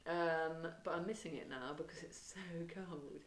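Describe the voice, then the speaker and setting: A woman's voice: low voice, moderate pace. A young woman co-hosting a podcast, rambling through stories in a casual chat and calling her co-host mate. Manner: chatty, rambling storyteller, says mate a lot. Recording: echoey room.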